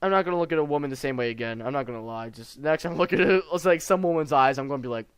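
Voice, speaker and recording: A teenage boy from the United States, a gaming streamer, talking earnestly in halting let's play commentary with many restarts. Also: medium pitch, clear, resonant tone, dry recording. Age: teens.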